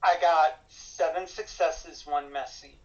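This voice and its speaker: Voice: medium pitch, steady tone, slow, muffled recording. Blunt, profane tabletop game player. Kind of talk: tabletop game play, casual.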